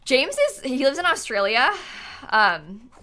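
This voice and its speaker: A woman in her twenties chatting casually on a live stream while gaming, animated and laughing often as she answers her chat. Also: high voice, unhurried, clean tone, faint music behind. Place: home setup, lives in Florida.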